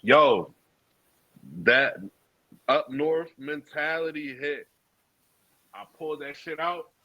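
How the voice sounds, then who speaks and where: A man co-hosting a podcast, telling a profane story in a casual, animated street style. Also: a little high, slow pace, no room sound. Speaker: podcast co-host. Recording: dull lo-fi sound.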